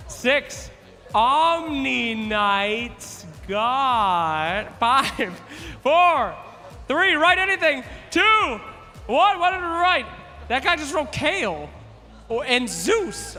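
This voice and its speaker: A man hosting a quiz at a live event, loud and playful, teasing contestants and shouting out to the crowd. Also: very high-pitched. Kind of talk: energetic stage hosting to a crowd. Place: large live event arena. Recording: echoey arena hall with music.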